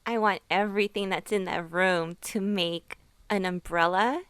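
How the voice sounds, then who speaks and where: A woman co-hosting a casual fan podcast, talking excitedly and gushing. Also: mid-range voice, measured pace, smooth, no echo, clean studio sound. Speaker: podcast co-host. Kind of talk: casual chat.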